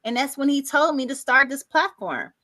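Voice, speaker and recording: A woman guest on a video-call podcast, telling her life story in a casual, animated way and acting out other people's words. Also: high-pitched, normal speed.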